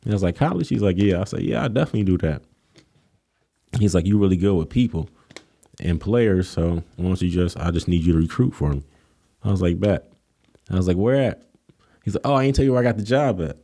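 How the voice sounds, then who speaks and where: A man's voice: sits low, fast talker, long pauses. A man who coaches college sports, telling stories in a casual interview and acting out what others said. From Kenosha, Wisconsin. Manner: animated storytelling, acts out quotes in a raised voice.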